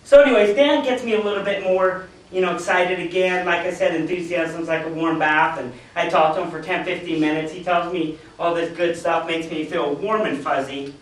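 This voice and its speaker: A man speaks to an audience in a meeting room at a motivational business seminar, telling stories animatedly and acting out the people he quotes as a business opportunity speaker. His voice is on the high side and steady, at normal speed. The room echoes and the mic is distant.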